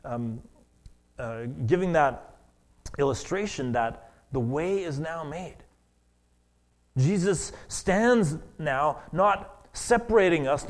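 Earnest male pastor preaching. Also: fairly high pitch. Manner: earnest, with many restarts and repeated words. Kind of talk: sermon.

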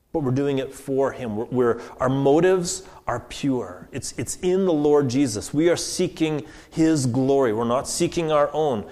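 Guy preaching a chatty sermon, lots of restarts and "right?", middle pitch, long echo like a church hall. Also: a little mellow. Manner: conversational, halting with many restarts and "right?". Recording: long echoing reverb.

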